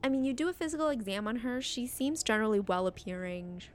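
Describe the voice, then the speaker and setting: A woman's voice: fairly high pitch, fast, slight background noise. Woman game master narrating a tabletop game. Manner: relaxed, descriptive, some fillers.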